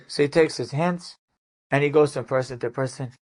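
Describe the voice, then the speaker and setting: A man, a rabbi, telling an inspirational story to an audience with lively, casual delivery. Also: mid-range voice, moderate pace. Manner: animated storyteller, casual fillers.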